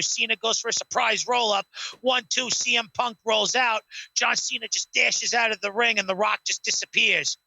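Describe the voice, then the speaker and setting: Sitting high with a steady tone, this man's voice is creaky, pushed, and bright as he speaks at a normal speed. He co-hosts a casual at-home podcast, rambling, cursing a lot, and acting out wrestling scenes. The recording is dry and rough.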